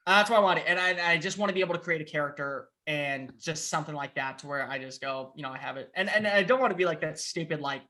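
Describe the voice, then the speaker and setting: A young man chatting as a podcast guest over a video call, excitable and quick, with playful impressions and swearing. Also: a little high. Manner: excitable, fast, with playful put-on voices and profanity. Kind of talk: casual chat.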